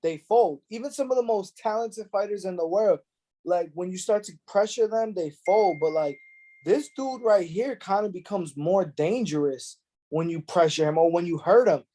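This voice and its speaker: Animated high-voiced man, podcast host. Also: moderate pace. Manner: animated, profane storyteller who acts out quotes. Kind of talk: casual podcast chat.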